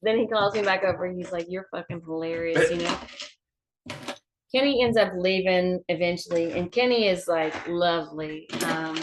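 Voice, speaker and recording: Over drinks, a comedian guest from Georgia with a Southern accent tells a chatty, profane story in quick anecdotes. Her voice is lowish, with background noise present.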